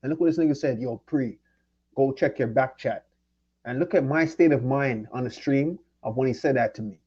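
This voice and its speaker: During his livestream, a Jamaican man angrily and profanely confronts someone in a heated rant. His mid-range voice is warm and slightly rough at a normal speed, and the recording has its highs cut off.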